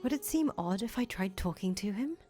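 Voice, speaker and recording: A woman's voice: mid-range voice, expressive, a little fast, warm tone, soft background music, natural voice. A woman voicing an earnest young foreign traveler who talks chattily and stammers when she gets nervous, in a fan voice acting of a visual novel.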